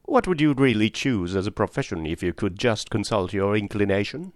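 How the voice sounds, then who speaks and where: Male reader as poised young lady, cool and teasing, higher voice, dry read. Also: lively intonation, a little fast, no echo, close to an everyday voice.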